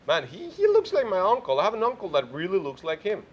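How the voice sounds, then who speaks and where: A man's voice: sits high, huge pitch swings, fast talker, husky. A man hosting a morning show in casual chat, playfully quizzing his co-host.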